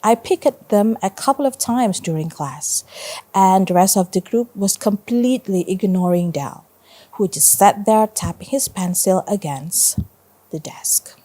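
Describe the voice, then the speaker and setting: A woman teacher reading a story aloud to her pupils and pausing to ask them questions. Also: medium pitch, expressive, warm tone. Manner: slow, stops to ask students questions.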